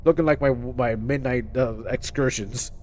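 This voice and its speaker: A man's voice: mid-range voice, measured pace, a little mellow, a little hiss or hum, voice pushed down, close to an everyday voice. A man voicing an exasperated older male school principal who grumbles and complains. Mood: fed up.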